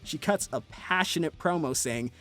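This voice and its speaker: A man giving scripted narration for a wrestling video, brisk and animated. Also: a little high, faint music behind.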